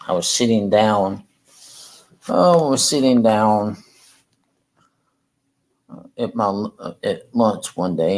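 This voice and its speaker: A man rambling and halting through a casual livestream chat from a room in a rehab facility. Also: fairly low pitch, low-quality recording. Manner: halting, rambling, repeats himself.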